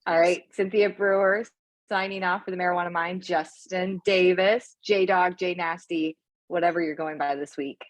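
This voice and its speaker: A woman's voice: fairly low pitch, fairly even intonation, normal speed, no echo. A woman in her thirties co-hosting a podcast, chatting casually and teasing her guests and co-host. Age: 30s. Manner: playful and teasing. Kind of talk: casual chat.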